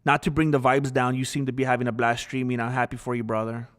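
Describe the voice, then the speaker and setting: A man's voice: mid-range voice, little pitch movement. A man hosting a casual live stream and answering viewers' chat earnestly. He often stops and restarts his sentences. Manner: halting, with restarts and fillers; earnest and talkative.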